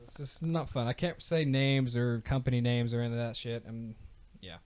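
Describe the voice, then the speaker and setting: A man's voice: mid-range voice, fairly even intonation, darkish tone. A man co-hosting a casual podcast, talking bluntly about an old job and swearing freely. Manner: blunt, swears freely, chimes in with quick agreement. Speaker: podcast co-host. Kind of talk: casual chat.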